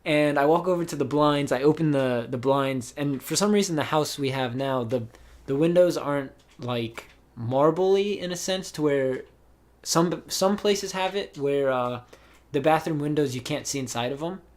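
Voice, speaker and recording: A man's voice: a little high, normal speed, darkish tone. A young man hosting a podcast, telling a long story in a casual, rambling way with many fillers and restarts. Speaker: podcast host. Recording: voice call.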